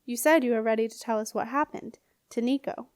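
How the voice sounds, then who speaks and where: A woman's voice: fairly high pitch, brisk, clear, resonant tone, dry recording, clean studio sound, natural voice. A woman voicing an earnest, impatient young male apprentice who speaks urgently and coaxingly.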